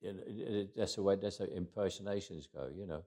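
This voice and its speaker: A man's voice: low voice, fast, hardly any pauses, mellow. An older man with a London accent telling wry anecdotes in an interview, often restarting phrases and acting out quoted lines. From England. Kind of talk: casual interview storytelling.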